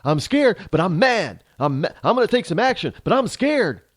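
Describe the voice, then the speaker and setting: A man's voice: high-pitched, very animated, normal speed. A man voicing a whiny, frightened young male college student who complains in a self-pitying way.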